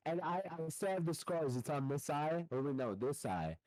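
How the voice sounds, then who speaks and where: A man's voice: fairly high pitch, lively intonation, moderate pace, darkish tone, no echo, low-quality recording. A young man co-hosting a podcast, telling a childhood injury story in a loose, rambling way. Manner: loose, rambling, says dude a lot. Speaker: podcast co-host. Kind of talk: casual storytelling chat.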